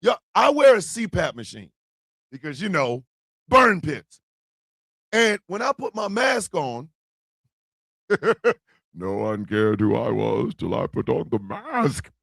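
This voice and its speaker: A man hosting a morning show in a loose, rowdy chat. His voice sits high and swings widely, with a gravelly edge, recorded dry and close. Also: very animated, takes it slowly, pauses often, no echo. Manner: loud and profane, often breaking into shouts and laughter. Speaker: host of a morning stream show.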